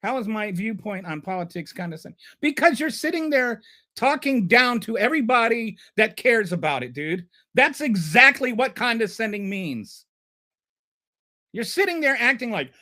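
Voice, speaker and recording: A man's voice: very high-pitched, big pitch swings, normal speed, sharp tone. A man hosting a live stream and ranting about politics. He is heated and sarcastic, and he stumbles and repeats words when he gets flustered.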